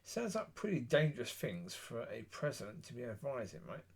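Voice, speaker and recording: A man giving a blunt, opinionated solo monologue, rambling with pauses. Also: medium pitch, sing-song, creaky, darkish tone, slightly rough. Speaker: political commentator.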